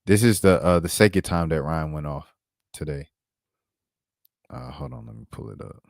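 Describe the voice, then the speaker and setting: A man's voice: sits low, lively intonation, normal speed, gravelly, a little mellow, no room sound, clean studio sound. A man hosting a casual basketball commentary stream, slangy and laid-back, pulling up clips as he talks. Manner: slangy, laid-back, says bro and dog often; multitasking, pulling up clips while talking. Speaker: sports commentary host.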